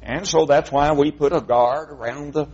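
A man's voice: fairly high pitch, fairly even intonation, normal speed, darkish tone, breathy edge, dull audio. A man preaching a sermon in a folksy, conversational way, with frequent fillers.

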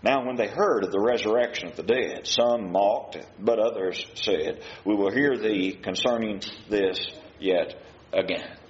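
A man's voice: on the low side, a little slow. Guy preaching, reads bible verses and throws questions at the crowd, echoey room, kinda dull recording. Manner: reads scripture aloud, asks rhetorical questions. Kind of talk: sermon. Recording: muffled, roomy recording with faint hiss.

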